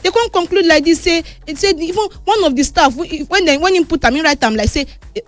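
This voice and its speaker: A woman with a Nigerian Pidgin accent presenting a chatty sports news roundup, moving between excited and somber tones. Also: extremely high pitch, a little fast, no room sound. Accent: Nigerian Pidgin English.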